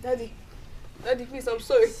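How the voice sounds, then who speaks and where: A woman's voice: fairly high pitch, little pitch movement, fairly quick, dark tone, slight background noise, lightly acted. A young woman playing a tearful daughter who begs through sobs. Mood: sobbing. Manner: pleading, sobbing. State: crying. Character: tearful young daughter begging her father.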